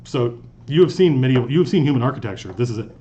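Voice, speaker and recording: Man, casual streamer and game master, lively up-and-down voice, lapel mic in a conference room, faint hiss. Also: medium pitch, racing. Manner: animated, rambling storyteller with many restarts. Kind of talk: casual chat during a live stream.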